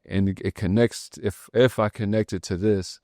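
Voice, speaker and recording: A man hosting a podcast, telling a personal story in a loose, slangy, animated way and acting out the voices in it. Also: fairly low pitch, measured pace, dry recording, clean studio sound. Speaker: podcast host. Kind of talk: casual conversation.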